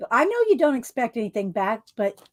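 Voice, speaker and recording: A woman talks casually to her live viewers, greeting them one by one by name. Her throat is scratchy and she keeps clearing it. Her voice sits a little high. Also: sing-song, brisk. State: scratchy throat, struggling to talk. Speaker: craft channel host. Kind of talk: casual live-stream chat.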